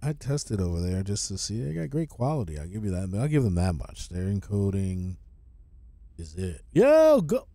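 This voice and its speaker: Excitable streamer guy, lively voice. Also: low-pitched, moderate pace, no room sound. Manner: excitable, swears, keeps saying "dude". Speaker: live streamer. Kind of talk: casual gaming live stream chat.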